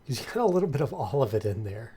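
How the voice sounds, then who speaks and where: A man's voice: mid-range voice, very animated, quick pace, dark tone, husky. A man running a tabletop game as game master, encouraging the players and explaining the rules step by step.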